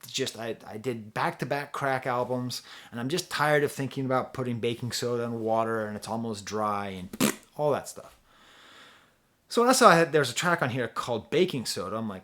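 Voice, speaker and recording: A man's voice: mid-range voice, animated, normal speed, fairly bright tone. A man talking casually as a music reviewer, rambling and chatty, with frequent restarts and easy laughter. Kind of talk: casual album review talk.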